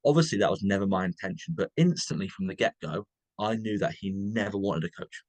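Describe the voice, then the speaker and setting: A man's voice: fairly low pitch, fairly quick, dry recording. A young man, a podcast guest, eagerly telling a story in casual chat and saying "mate" constantly. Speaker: podcast guest, bodybuilding coach.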